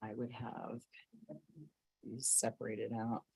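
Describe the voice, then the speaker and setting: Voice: medium pitch, completely flat delivery, takes it slowly, vocal fry, warm tone, breathy edge, no echo, rough recording. A council staffer giving practical instructions on the video call setup before a meeting. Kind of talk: casual chat about the video call setup. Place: council chamber.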